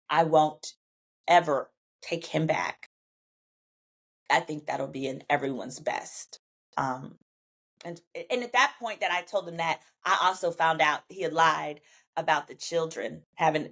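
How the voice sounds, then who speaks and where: A woman with a Southern US accent, a podcast guest telling a personal story in an animated, emphatic way, acting out the dialogue she quotes and cursing freely. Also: deep voice, gravelly. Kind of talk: animated storytelling in casual chat.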